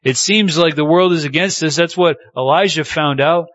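A man's voice: a little high, moderate pace, hardly any pauses, a bit bright, no room sound, dull audio. A man preaching a sermon, reading scripture aloud and building emphasis as he speaks. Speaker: pastor.

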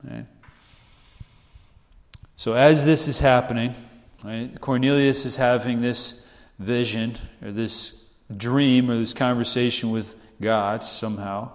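A man's voice: medium pitch, fairly even intonation, slow pace. A man preaching a sermon in a conversational way, often asking "right?" and acting out the people in his stories. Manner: conversational, asks "right?" often, acts out quoted voices. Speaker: pastor. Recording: long hall reverb.

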